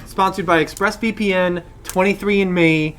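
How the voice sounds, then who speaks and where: A man's voice: high-pitched, steady tone, unhurried, a bit bright, a little hiss or hum. A man co-hosting a casual gaming podcast, easygoing and adding wry asides. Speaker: podcast co-host.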